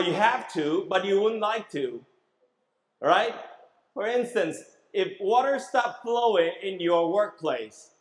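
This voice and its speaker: A pastor with a high-sitting voice preaches an emphatic sermon, questioning the congregation and having them repeat words after him. The sound is echoey and the recording quality is low.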